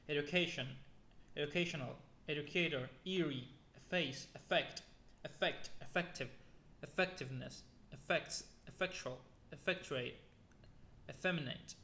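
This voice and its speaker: A man's voice: fairly high pitch, bright, forceful tone, a little hiss or hum. Man reading a word list in an echoey room. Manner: plodding word-by-word reading with restarts and weary asides. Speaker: YouTuber.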